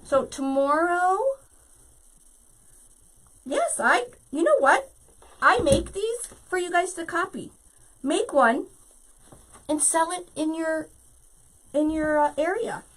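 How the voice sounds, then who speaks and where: A woman's voice: extremely high pitch, expressive, takes it slowly, pauses often, fairly bright tone, poor audio. A woman hosting a live craft tutorial, chatting to her viewers directly and laughing often.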